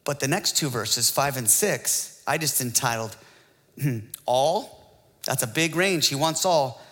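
A male pastor preaching a sermon, building to excited rhetorical questions and calls to the congregation. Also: mid-range voice, slow, in a large hall.

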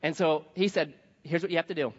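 High-voiced preacher in a reverberant hall. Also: male voice, quick pace. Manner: animated storytelling, acts out quoted voices. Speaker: pastor. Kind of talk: sermon. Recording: dull sound with long hall reverb.

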